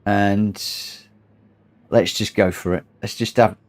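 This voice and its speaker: A tired man hosts a long charity gaming livestream, speaking slowly in a lowish, steady voice. He chats casually, rambling and repeating himself as his emotions rise.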